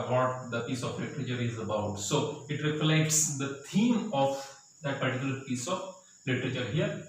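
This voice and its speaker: A man's voice: mid-range voice, far from the mic, slight background noise. Man, Indian English accent, college lecturer, explanatory, very echoey room, mic set back, faint crickets behind. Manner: repeats points, checks in with "okay" and "right?".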